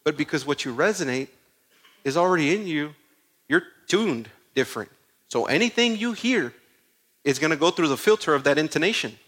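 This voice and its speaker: A man preaching a sermon in a conversational, animated way, full of asides and stories. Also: fairly high pitch, moderate pace.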